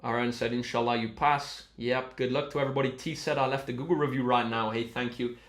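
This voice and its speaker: A man's voice: medium pitch, steady tone, quick pace. A young man tutoring maths on a live stream, chatting in an upbeat, encouraging way. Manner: upbeat and encouraging, reads out chat messages. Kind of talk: casual live-stream chat with viewers. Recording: roomy echo.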